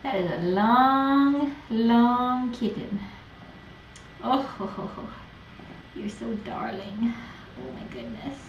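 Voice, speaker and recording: A woman caring for rescue kittens, cooing to them in soft sing-song baby talk. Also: a little high, slow, long pauses. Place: indoor kitten room. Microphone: room camera mic from a distance. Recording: distant echoey livestream cam audio, dull and noisy.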